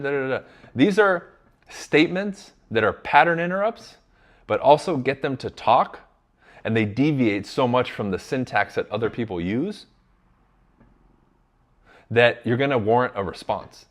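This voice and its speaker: A man's voice: medium pitch, animated, moderate pace. A man giving blunt, emphatic coaching to his audience, speaking directly and sometimes swearing. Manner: blunt and emphatic, addresses the audience as "you guys"; drops into casual swearing. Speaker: sales coach. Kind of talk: direct motivational instruction.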